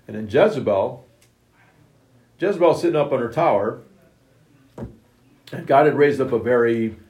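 A man preaching a sermon, emphatic, retelling scripture in plain everyday words with a gravelly voice. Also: medium pitch, expressive, moderate pace, a little mellow, highs cut off. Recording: echoey room.

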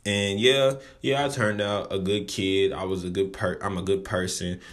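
Deep-voiced young man ranting casually. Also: steady tone, moderate pace. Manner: loose and profane, rambling with restarts. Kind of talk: casual monologue to camera.

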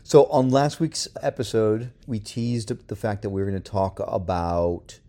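A man's voice: fairly low pitch, fairly even intonation, measured pace, dark tone. A man co-hosting a podcast, chatting casually and teasing his co-host. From United States. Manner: teasing, joking. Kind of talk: casual chat.

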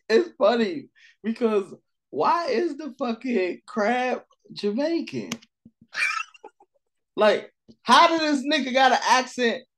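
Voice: medium pitch, animated, slow pace, long pauses, noisy background. A podcast co-host in casual chat, blunt and sarcastic, swearing and laughing a lot.

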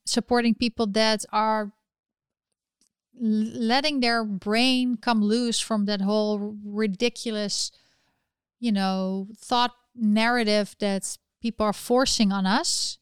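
Chatty woman with a smooth, higher voice. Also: fairly even intonation, slow pace, no echo, clean studio sound. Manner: chatty, opinionated, with frequent restarts. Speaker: live chat host. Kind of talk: casual livestream chat.

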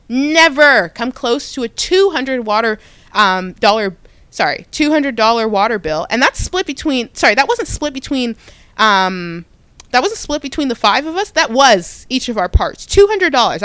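Young woman, podcast host, casual storytelling, smooth clear voice, animated, restarts often, dry close sound. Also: on the high side, dry recording. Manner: animated, frequent restarts and self-corrections.

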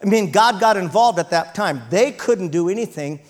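A man's voice: sits high, moderate pace. A man preaching a sermon, retelling scripture and calling out for amens from the congregation. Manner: animated preaching, calls for amens and shouts. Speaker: pastor.

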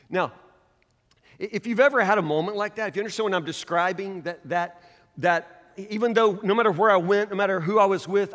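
A man preaching a sermon, telling a folksy story with animated, loud bursts and saying y'all. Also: high-pitched. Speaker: pastor. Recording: long hall reverb.

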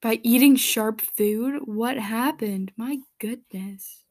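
A woman's voice: a little high, slow pace, a little mellow. A woman hosting a casual solo podcast, reading out listener answers in a chatty, giggly, rambling way with many fillers and restarts. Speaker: podcast host. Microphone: podcast microphone.

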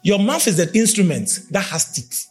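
Man preaching, high voice, wildly varied pitch, shouts then drops low, faint music behind. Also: big pitch swings, moderate pace. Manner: emphatic, swings between shouting and low intense speech. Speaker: prophet preaching. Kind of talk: sermon.

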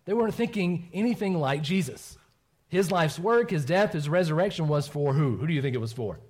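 This man's voice sits a little high and sounds husky, moving at a fairly quick clip. Giving the children's sermon at church, he animatedly poses questions to the kids and follows his points with "right?"

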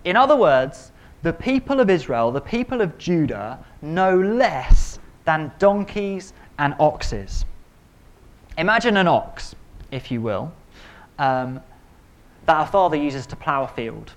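A man preaching a sermon in an animated, conversational way, acting out quotes. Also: on the high side, takes it slowly. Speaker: pastor.

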